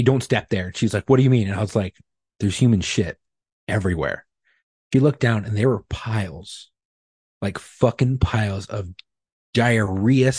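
A man on a podcast, telling a profane, animated story in casual chat. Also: lowish voice, slightly rough, dry recording, studio quality. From California. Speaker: podcast co-host.

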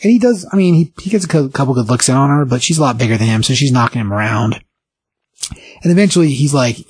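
A man hosts a casual podcast and recaps a comic book in a rambling, animated way. His voice is husky and slightly breathy, with a middling pitch. The sound is dry and close, with no room echo. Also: fast. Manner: rambling, animated retelling with quoted character lines.

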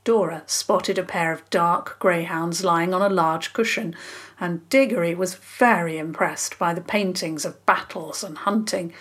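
A woman calmly narrating a children's story in a measured, scripted reading. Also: lowish voice, husky.

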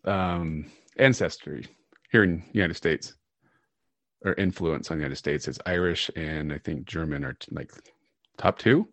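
Deep-voiced man in rambling podcast chat. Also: normal speed, fairly bright tone, no echo. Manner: rambling, searches for words. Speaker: podcast co-host. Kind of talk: casual chat.

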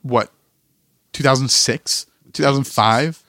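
A man's voice: medium pitch, fairly even intonation, slow, fairly bright tone, no echo, studio quality. A young man from New Jersey with a Jersey accent, co-hosting a podcast in loose, swearing chat with friends. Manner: loose, swearing, laughs often. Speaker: podcast co-host. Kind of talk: casual chat.

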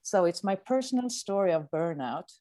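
Animated woman brain scientist, dry sound. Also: on the low side, normal speed, dry recording. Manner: animated, laughs often. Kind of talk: podcast interview.

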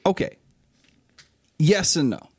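A man's voice: on the high side, animated, slow, a little mellow, husky, no echo, studio quality. A man co-hosting a casual car podcast, talking in an easygoing, jokey way and laughing as he reads. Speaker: podcast co-host.

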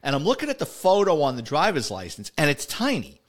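Rambling middle-aged New ex-cop storyteller. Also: male voice, on the high side, huge pitch swings, a little fast. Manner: rambling, self-correcting, acts out quoted dialogue. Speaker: retired police officer telling stories. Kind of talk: casual podcast storytelling.

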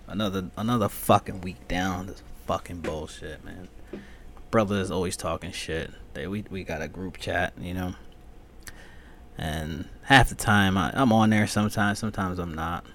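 A man with a fairly low voice hosts his own podcast, talking in a loose, rambling, profane style. He drifts between low mutters and sudden loud, high-pitched rants. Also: measured pace, long pauses, slight background noise. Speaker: podcast host. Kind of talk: solo podcast rant.

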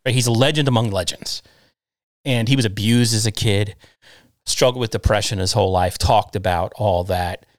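A man's voice: fairly low pitch, moderate pace, no echo. A man co-hosting a casual chat show, talking emphatically and ranting straight at his listeners.

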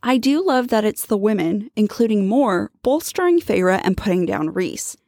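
A woman's voice: mid-range voice, expressive, moderate pace, darkish tone, dry recording, clean studio sound. A woman with a Californian accent co-hosting a casual book podcast, reading from her notes and laughing often. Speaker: podcast co-host.

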